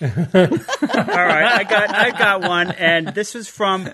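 A man on a casual group podcast, giggly and animated as he tells an anecdote. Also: sits high, takes it slowly, a crowd in the background. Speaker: podcast panelist.

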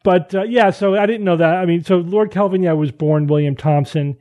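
Male podcast host, slightly high and mellow voice, chatty and animated delivery. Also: brisk. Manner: chatty, animated, many restarts. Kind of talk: casual chat, reading listener emails.

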